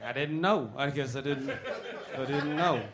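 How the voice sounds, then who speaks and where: A man's voice: medium pitch, a little slow. A man doing stand-up comedy, rambling, joking and talking with the crowd.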